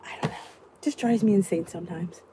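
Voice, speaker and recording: A woman's voice: fairly low pitch, fast talker, dark tone, a little hiss or hum, rough recording. A woman in her fifties hosting a casual live support chat, ranting and talking straight to her viewers, greeting them by name. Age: 50s.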